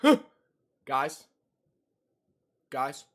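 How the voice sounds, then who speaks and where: Young male streamer, slow unhurried talker, jumpy and easily spooked, reacting live from his home computer setup. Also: mid-range voice, sing-song. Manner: jumpy, easily startled, yelps and shrieks.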